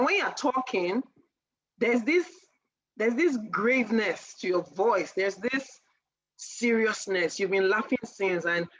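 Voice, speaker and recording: A woman teaching persuasion on a casual live stream, animated and laughing often as she acts out sales lines. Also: mid-range voice, muffled recording.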